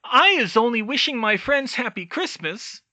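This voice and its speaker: Dobby: a proud, squeaky house-elf. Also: male voice, very animated, normal speed, sharp tone, no room sound, heavily acted. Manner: broken grammar, proud.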